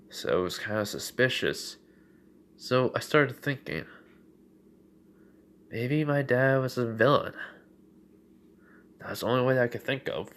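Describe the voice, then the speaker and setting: A man's voice: mid-range voice, fairly bright tone. A young man casually narrating a fan story, rambling with many fillers and self-corrections.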